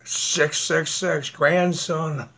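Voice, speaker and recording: A man vlogs in a rambling live video chat, aggrieved and combative, laughing often and talking while he eats. His fairly high voice is bright and forceful, steady in tone, and extremely slow.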